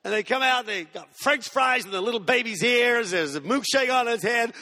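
A man's voice: extremely high pitch, normal speed, pushed and bright, in a large hall. Australian man in his sixties preaching. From Tasmania, Australia. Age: 60s. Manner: humorous storytelling preacher, mimics whiny kids. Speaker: pastor. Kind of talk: sermon.

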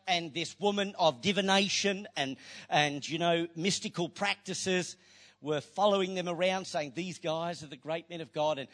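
A man preaching a sermon, telling stories with playful, joking asides. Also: fairly high pitch. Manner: lively storytelling with playful asides.

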